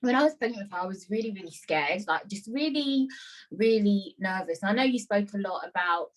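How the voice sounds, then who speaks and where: A woman hosts a relaxed podcast chat in a mid-pitched voice. She talks in a lively, chatty way and pokes fun at herself as she tells her stories. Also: brisk, low-quality recording. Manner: animated, chatty storyteller, self-mocking. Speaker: podcast host. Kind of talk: casual chat.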